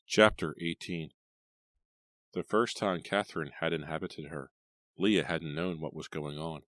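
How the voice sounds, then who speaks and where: A man narrating a horror audiobook in a steady, dramatic storytelling manner. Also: rumbling low, unhurried, no room sound. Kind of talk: scripted narration of a horror novel.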